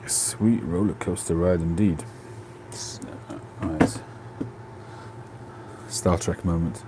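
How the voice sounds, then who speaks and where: A man's voice: deep voice, steady tone, takes it slowly, background noise. A man hosting a casual live stream from home on a phone, chatting and answering viewers' comments.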